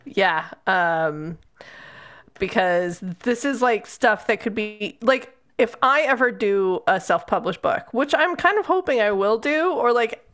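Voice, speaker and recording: A woman's voice: on the high side, lively intonation, a bit bright. A woman co-hosting a podcast, talking frankly and emphatically in a casual book discussion. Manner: frank and emphatic, quick asides. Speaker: podcast co-host.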